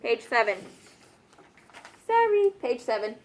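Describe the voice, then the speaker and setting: A woman's voice: a little high, big pitch swings, slow. A woman teacher leading a grammar review in a classroom, checking in often with "okay?" and "right?". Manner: patient, checks understanding with frequent "okay?" and "right?". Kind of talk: classroom lesson.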